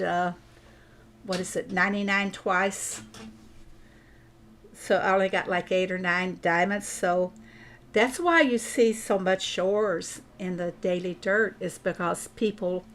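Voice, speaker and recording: Slow-talking chatty woman streamer. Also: mid-range voice, fairly bright tone. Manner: chatty, thinks aloud, answers viewers. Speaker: mobile farming game streamer. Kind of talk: casual gameplay commentary.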